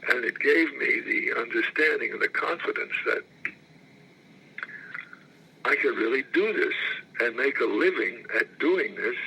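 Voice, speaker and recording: Gravelly older man telling career stories. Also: mid-range voice, expressive, unhurried, pauses often, bright, forceful tone, rough recording. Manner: rambling storyteller, repeats phrases, clears throat. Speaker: actor recalling his career. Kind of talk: interview anecdotes.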